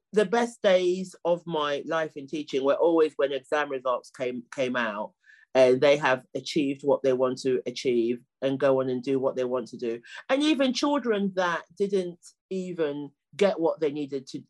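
A middle-aged woman, a guest on a podcast, telling stories in a relaxed, humorous and animated way, often repeating words as she starts a sentence. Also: low-pitched. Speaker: guest, clean air campaigner. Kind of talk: casual storytelling in conversation.

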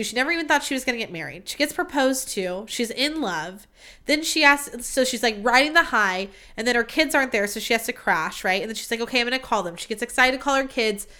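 A woman's voice: a little high, bright, forceful tone, clear, resonant tone. A young woman hosting her own podcast, chatting candidly in a rambling, confessional way and swearing freely. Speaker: podcast host. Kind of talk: casual solo podcast chat.

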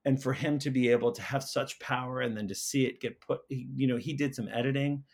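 Male school counsellor, guest, earnest and emotional, mid-pitch, talks in loose restarts. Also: fairly even intonation, a little fast. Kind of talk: casual storytelling conversation.

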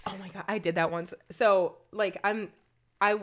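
A woman co-hosting a podcast, chatting casually and telling stories in an animated way with lots of fillers. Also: medium pitch, a little hiss or hum. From Italian-American. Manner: animated, quick storytelling with many fillers. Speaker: podcast co-host. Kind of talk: casual chat.

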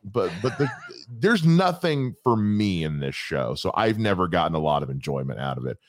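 On a podcast he co-hosts, a young man with a low, sing-song voice chats casually at a moderate pace. The recording is dry with clean studio sound, and his manner is wry and meandering, full of restarts.

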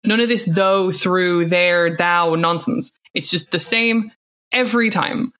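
A young woman co-hosting a podcast, chatting and ranting playfully with animated quoted voices. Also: on the low side, slow pace. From Ireland. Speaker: podcast co-host. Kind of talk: casual chat. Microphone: home recording.

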